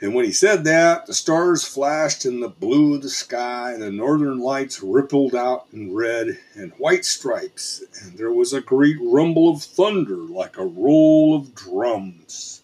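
A man tells a frontier storybook tale in a slow, unhurried drawl with folksy asides. His voice is husky and breathy, pitched a little high for a man, and he never rushes a line. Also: animated, a little mellow. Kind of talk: storybook narration.

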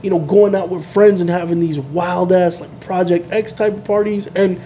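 A man's voice: sits high, steady tone, normal speed, mellow, a little hiss or hum. A man in his thirties hosting a casual chat, talking earnestly and reflectively in loose restarts.

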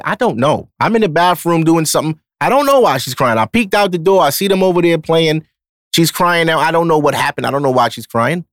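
Podcast host, male, slightly raised pitch, blunt and profane, casual monologue, dry close sound. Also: animated, a little fast, dry recording.

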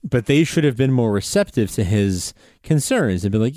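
A man's voice: mid-range voice, lively intonation, moderate pace, few pauses, dark tone, no echo, clean studio sound. A man co-hosting a podcast, making an emphatic case in casual recap chat. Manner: emphatic, building his argument. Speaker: podcast co-host.

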